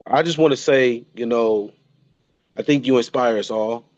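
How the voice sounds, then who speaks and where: A man's voice: medium pitch, normal speed, darkish tone, lo-fi sound. A man in his thirties paying an emotional tribute to his father, often repeating and restarting his phrases. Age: 30s. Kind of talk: heartfelt spoken tribute.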